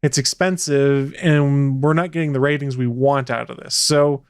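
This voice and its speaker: A man's voice: mid-range voice, fairly even intonation, moderate pace, clean tone, no echo. A man co-hosting a podcast, talking casually with wry, dry humor. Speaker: podcast co-host. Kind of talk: casual chat.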